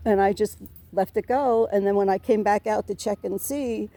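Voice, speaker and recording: A woman's voice: mid-range voice, fairly even intonation, normal speed, mellow, no room sound. A middle-aged woman telling a police officer about a neighbor's harassment, rambling and aggrieved, swearing and restarting her sentences. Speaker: tenant reporting harassment to police. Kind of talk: emotional complaint to an officer.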